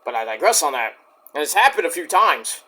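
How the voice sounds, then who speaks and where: Excitable, foul-mouthed male wrestling reviewer. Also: on the high side, brisk. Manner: excitable, profane, storytelling rant. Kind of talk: casual recap commentary.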